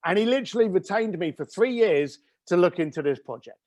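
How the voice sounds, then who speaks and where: With a high-sitting voice, lively intonation and a brisk delivery, a middle-aged business founder swaps blunt, emphatic stories as an interview guest and swears casually. The tone is a little mellow, the room has no echo, and the highs are cut off.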